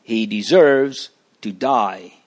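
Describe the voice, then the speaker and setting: A man's voice: fairly low pitch, slow pace. A man voicing a stern condemning judge. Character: stern harsh male judge condemning a prisoner.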